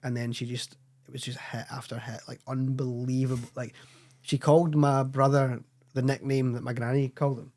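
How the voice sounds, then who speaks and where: A young Scottish man, a podcast guest, telling rambling, excitable anecdotes in casual chat, swearing and acting out what people said. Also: medium pitch, moderate pace.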